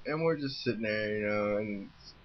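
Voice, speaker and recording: A man's voice: lowish voice, moderate pace, highs cut off. A man casually telling a rambling, profane story with frequent swearing. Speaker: vlogger.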